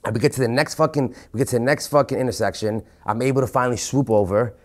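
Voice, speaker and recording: A man from New York with a New York accent, a podcast guest telling stories in a casual, animated way, swearing heavily and acting out what people said. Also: medium pitch. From Queens, New York. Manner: animated, fast, heavy swearing, acts out quotes. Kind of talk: casual storytelling.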